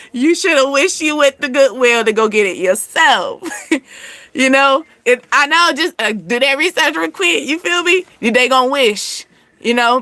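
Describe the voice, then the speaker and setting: Woman, vlog host, casual advice talk, sharp bright tone, laughs often. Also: fairly high pitch, no echo. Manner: chatty, laughs often, blunt with swearing. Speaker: channel host.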